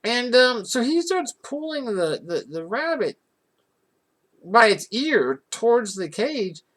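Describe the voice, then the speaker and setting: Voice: mid-range voice, takes it slowly. A vlogger telling a personal story in a casual, rambling way, with restarts and rising indignation. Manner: rambling and animated, with many restarts.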